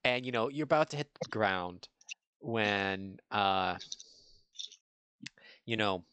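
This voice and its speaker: A man running a tabletop game as game master, narrating in a halting way full of "you know" fillers. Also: on the low side, lively intonation, pushed and bright, smooth, no echo.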